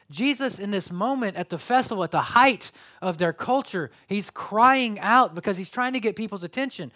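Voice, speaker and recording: A man's voice: sits high, normal speed, hardly any pauses, pushed and bright. A man, preaching a sermon in a conversational, joking way that rises to emphatic calls. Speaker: pastor.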